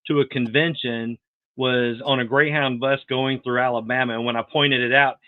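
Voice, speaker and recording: A man's voice: medium pitch, steady tone, moderate pace, dry recording. A man with a Southern US accent chatting casually as host, telling easygoing anecdotes. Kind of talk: casual chat, storytelling. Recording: dry, phone-like line.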